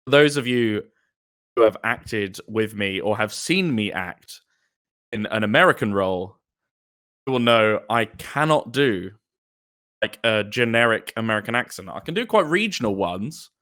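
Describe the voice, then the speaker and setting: A young man chatting as a podcast guest, animated and casual, and swearing freely. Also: fairly low pitch, unhurried. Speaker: guest, D&D player.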